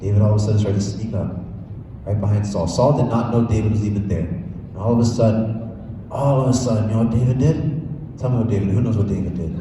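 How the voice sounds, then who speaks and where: Animated youth leader in an echoey hall. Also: male voice, lowish voice, fast talker, noisy background. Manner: animated, playful. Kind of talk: Bible lesson for kids. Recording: echoey hall, mic far off.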